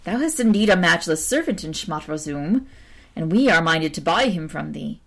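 A woman's voice: sits low, very animated, moderate pace, vocal fry, fairly bright tone, exaggerated voice. A woman voicing a group of male sea merchants in a read-aloud folk tale, speaking in archaic exclaiming phrases. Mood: admiring. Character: seafaring male merchants, wonderstruck.

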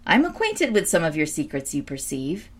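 A woman's voice: low-pitched, huge pitch swings, brisk, breathy edge, exaggerated voice. A woman voicing a young princess who is a confident, knowing enchantress, in a storybook reading.

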